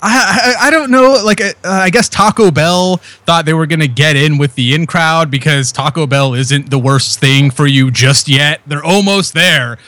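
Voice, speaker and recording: A man's voice: on the high side, moderate pace, hardly any pauses, sharp tone, no echo. A young man joining a casual podcast chat over a video call, wry and laughing easily. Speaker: guest calling in on a video call.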